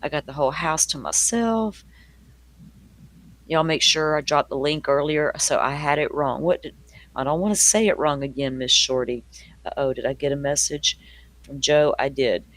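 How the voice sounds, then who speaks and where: Southern older guy hosting a live stream, gabby and laughing, slightly high voice. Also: moderate pace, a bit bright, dry recording. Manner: chatty, laughs often, addresses viewers by name. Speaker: true crime livestream host. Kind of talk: casual chat with live viewers.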